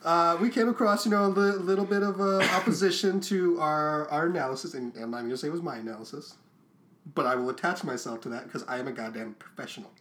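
A man's voice: fairly high pitch, fast talker, a bit bright, a little hiss or hum. A young man co-hosting a casual podcast, rambling with lots of fillers and swearing. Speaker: podcast co-host.

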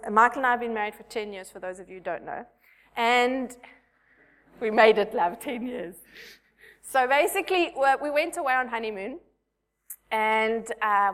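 A woman's voice: fairly high pitch, a bit bright. A woman in her thirties, a Sunday school teacher, giving a chatty, self-mocking church talk full of personal stories. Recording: long hall reverb.

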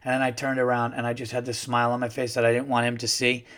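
A man's voice: mid-range voice, completely flat delivery, quick pace, fairly bright tone. A man hosting his own podcast alone, rambling and swearing as he rants in a worked-up way. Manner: rambling, profane, worked-up ranting. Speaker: podcast host. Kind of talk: casual solo podcast monologue.

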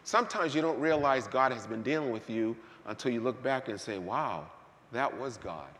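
Male pastor, animated sermon delivery, hushed to shouting, big church hall reverb. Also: mid-range voice, brisk, slight background noise. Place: church sanctuary.

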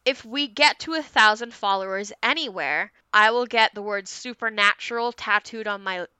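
A woman's voice: mid-range voice, normal speed, smooth, no echo. A young woman co-hosting a podcast, joking around in casual chat. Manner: jokey, animated. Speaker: podcast co-host.

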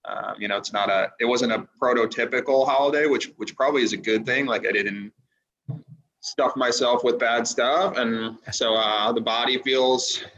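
A man with a low but bright, forceful voice answers as a podcast guest. He pauses and restarts often while thinking aloud, and his audio sounds somewhat dull and lo-fi. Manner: reflective, halting, lots of fillers. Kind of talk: podcast interview.

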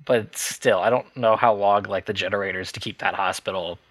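A man's voice: fairly low pitch, fairly even intonation, a little fast, a bit bright, dry recording. A man co-hosting a podcast, chatting casually about a bad movie, hesitant and rambling with frequent laughs. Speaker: podcast co-host.

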